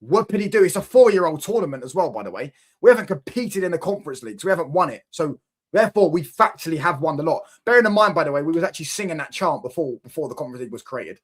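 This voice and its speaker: A man's voice: on the high side, very animated, very fast, breathy edge. A young man arguing football in heated, teasing banter as a fan debater.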